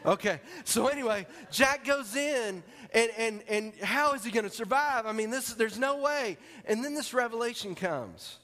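A man preaching a sermon, telling a story in an animated way and acting out its scenes. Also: very high-pitched, moderate pace, few pauses. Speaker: pastor. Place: church sanctuary. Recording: long hall reverb.

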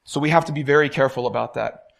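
Racing along in a mid-range voice with vocal fry, a young preacher delivers his sermon conversationally. He tells stories and voices the characters who appear in them.

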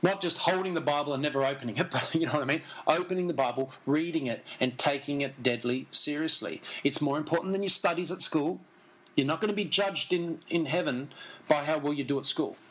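A man's voice: on the high side, fairly quick, a bit bright, low-quality recording. A man preaching a sermon, earnest and emphatic, repeating key phrases and turning to the congregation with conversational asides.

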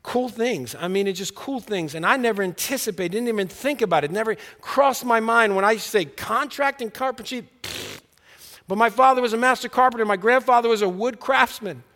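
A man with a high voice preaching a sermon, telling his own story and acting out the dialogue. He turns earnest and drops quiet on the words that matter. His voice rings with the long reverb of a big hall. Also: fairly quick. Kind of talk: sermon with personal testimony.

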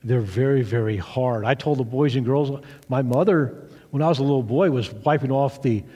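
A man's voice: medium pitch, normal speed, warm tone, husky, long reverb tail. A man pastor giving a children's sermon, retelling a story with animation and asking the kids questions.

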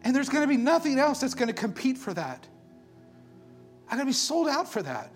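A man preaching a sermon with passion, firing rhetorical questions and swinging between loud declarations and hushed intensity. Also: very high voice, sing-song, a little fast, soft background music.

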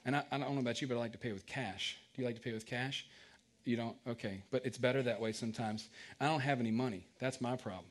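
A man's voice: mid-range voice, fast. A man preaching a casual sermon, joking and asking the congregation questions.

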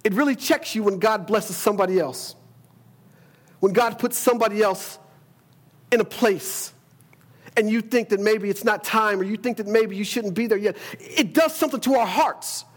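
A man's voice: high voice, moderate pace. A man preaching a sermon, emphatic, often repeating words as he builds a point and quoting scripture.

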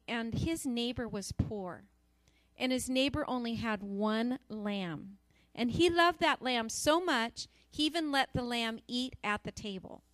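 A woman's voice: on the high side, a bit bright, no echo. A woman preaching a sermon in an earnest, emphatic way, repeating phrases for stress.

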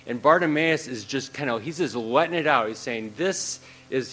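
A man's voice: mid-range voice, moderate pace, few pauses, fairly bright tone, poor audio. A man preaching a sermon in a conversational way, using many fillers and repeating phrases. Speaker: pastor.

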